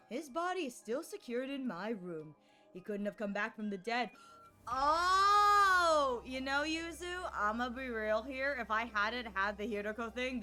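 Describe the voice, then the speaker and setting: A woman streamer giving excited live gameplay commentary, gushing and gasping at the screen. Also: fairly high pitch. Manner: giddy, gushing, fast reactions and gasps.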